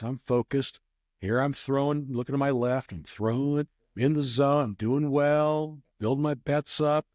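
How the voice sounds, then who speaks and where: A man's voice: fairly high pitch, a little mellow, dry recording, clean studio sound. A man telling a rambling casual story as an interview guest, with many restarts. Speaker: guest, craps player.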